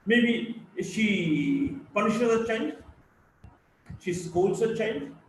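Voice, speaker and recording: A man teaching a live online class, who speaks deliberately and demonstrates stress patterns by repeating example sentences aloud. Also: sits high, animated, far from the mic. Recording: very echoey room with faint noise.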